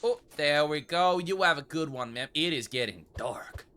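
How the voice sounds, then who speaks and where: A little high and pushed bright, this man speaks at a moderate pace with lively intonation over slight background noise. He's a streamer in a shop game, casually commentating as a courteous old-west shopkeeper with a put-on regal accent who calls customers sir and ma'am.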